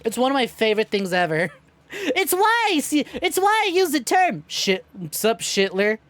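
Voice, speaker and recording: A woman's voice: high voice, very animated, normal speed, dry recording. A woman streaming a game, greeting her chat by name, swearing freely and laughing often. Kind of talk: casual livestream chat while gaming.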